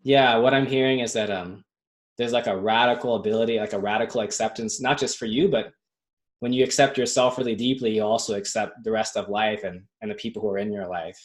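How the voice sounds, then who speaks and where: A man's voice: fairly low pitch, fairly even intonation, a little fast. A man in his thirties in a casual spiritual chat, reflective and rambling, full of fillers.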